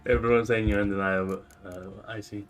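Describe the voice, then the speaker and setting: A man's voice: lowish voice, little pitch movement, a little fast. A man casually chatting as a co-host, reading out chat and teasing with dry asides. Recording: faint game music behind.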